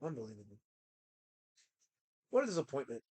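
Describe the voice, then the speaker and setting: A man hosting a livestream, ranting at his chat in a theatrical, mock-indignant way and swinging between loud outbursts and low mutters. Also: big pitch swings, a little fast, husky. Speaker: livestream host.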